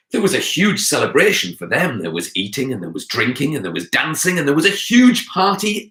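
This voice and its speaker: Animated male storyteller for children. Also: fairly low pitch. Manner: animated, addresses children directly. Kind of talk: live storytelling for young children. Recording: roomy echo.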